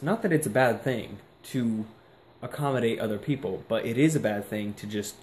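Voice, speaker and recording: A young adult man, medium-pitched and a touch mellow, speaks at ordinary speed in a rambling, reflective vlog heavy on fillers. The sound carries room echo along with a slight hiss.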